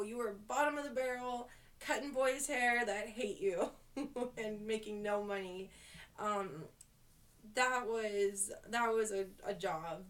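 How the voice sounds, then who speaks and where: A woman's voice: medium pitch, a bit bright. A young woman hairstylist telling a story in a rambling, self-deprecating way for her vlog. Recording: voice distant from the mic.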